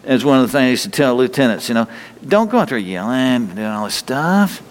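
A man's voice: mid-range voice, sing-song, brisk. A middle-aged man preaching a sermon in a folksy way, asking his listeners question after question and chuckling often. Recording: long hall reverb.

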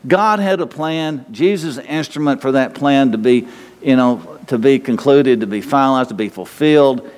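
A man's voice: medium pitch, moderate pace, darkish tone, long reverb tail. A man preaching a sermon, emphatic and rambling, pressing his listeners with repeated questions. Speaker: pastor.

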